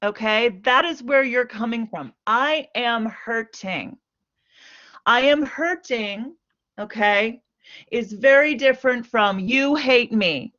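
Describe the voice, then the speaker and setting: Woman doing a calm therapist type, keeps saying okay, rephrases everything, muffled lo-fi sound. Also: fairly high pitch. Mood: guiding. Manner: coaching, repeats okay, rephrases slowly. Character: patient female family therapist coaching mother and daughter. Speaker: family therapist. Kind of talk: role-play enactment. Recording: muffled lo-fi recording.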